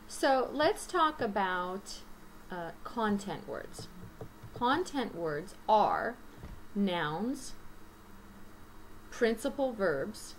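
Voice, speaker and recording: A woman teaching an English lesson, speaking slowly and deliberately and listing items one by one. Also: mid-range voice, a little hiss or hum, low-quality recording. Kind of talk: recorded grammar lesson.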